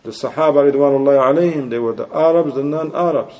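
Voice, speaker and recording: A man delivers a religious lecture in a warm, mellow voice at a middle pitch. He exhorts his listeners and challenges them with pointed rhetorical questions. His speech is peppered with Arabic religious phrases. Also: fast talker. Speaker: Islamic preacher.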